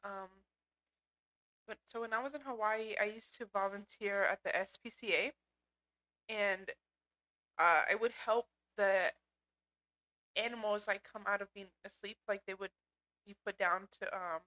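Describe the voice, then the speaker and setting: A woman's voice: mid-range voice, steady tone, unhurried, pauses often, bright, forceful tone, lo-fi sound. A young woman co-hosting a casual podcast, talking in a loose, slangy way that is full of "dude" and swearing. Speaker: podcast co-host. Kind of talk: casual chat.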